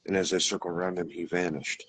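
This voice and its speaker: A man acting out a shaken doctor, confiding a secret in a hushed way. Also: deep voice, fairly even intonation, fast talker, husky, no echo. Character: shaken doctor recounting his father's vanishing.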